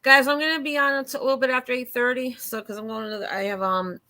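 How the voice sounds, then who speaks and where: Woman host for a livestream panel, bright and high, chatty and rambling with lots of ums. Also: steady tone, fast. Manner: rambling, heavy with um and restarts. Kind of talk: casual livestream panel chat.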